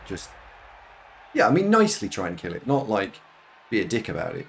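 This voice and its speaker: A man's voice: lowish voice, wildly swooping pitch, brisk, vocal fry, long pauses, fairly bright tone, slight background noise. A man streaming a board-based video game, thinking aloud about his moves in an easygoing way. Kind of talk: casual game commentary.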